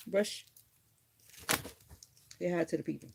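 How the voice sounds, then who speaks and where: A woman's voice: sits low, steady tone, moderate pace, vocal fry, noisy background. A woman hosting a casual livestream, rambling and chatty as she grooms her dog. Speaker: livestream host. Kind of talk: casual chat.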